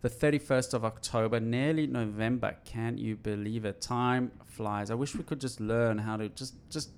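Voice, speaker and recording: A man hosts a casual tech podcast from an office, his voice gravelly with fry. He rambles, restarts sentences and fills pauses with ums. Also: medium pitch. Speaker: podcast host.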